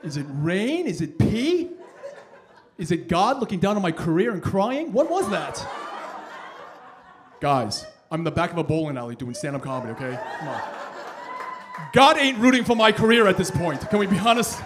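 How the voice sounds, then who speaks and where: Animated high-voiced comedian. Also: male voice, moderate pace, pauses often. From New York. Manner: loud, animated crowd work. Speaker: stand-up comedian. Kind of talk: stand-up set. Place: back room of a bowling alley.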